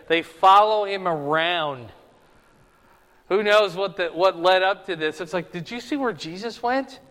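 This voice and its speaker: A man's voice: fairly high pitch, a bit bright. A man preaching an informal, verse-by-verse sermon who keeps checking in with his listeners. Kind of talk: conversational sermon, verse-by-verse teaching. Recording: long reverb of a hall.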